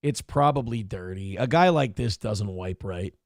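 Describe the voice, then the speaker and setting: A man's voice: fairly low pitch, lively intonation, moderate pace, noisy background. A man hosting a morning show, giving crude, sarcastic commentary on a viral video. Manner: sarcastic, crude, mocking impressions. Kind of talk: mocking commentary on a viral clip.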